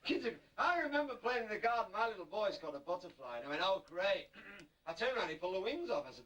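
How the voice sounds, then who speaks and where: A man's voice: high voice, very animated, fast, hardly any pauses, highs cut off. A man doing stand-up comedy at a party, joking with and teasing the audience. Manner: jokey, chatty, teasing the audience. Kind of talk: stand-up comedy with crowd work. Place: hotel party room with audience. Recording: distant mic, loud background noise.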